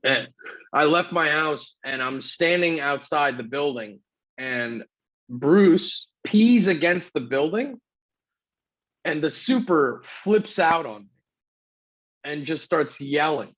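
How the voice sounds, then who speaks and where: A New man hosting a comedy podcast while sick with covid, his voice husky and fairly high. He rambles through a story with plenty of swearing. The recording sounds dull and lo-fi. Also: takes it slowly. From New York City. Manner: rambling, profane, animated storyteller. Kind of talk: casual storytelling chat.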